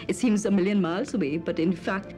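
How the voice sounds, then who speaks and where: A woman's voice: mid-range voice, a little fast, poor audio. A woman from the Caribbean giving a thoughtful, earnest interview answer. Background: music.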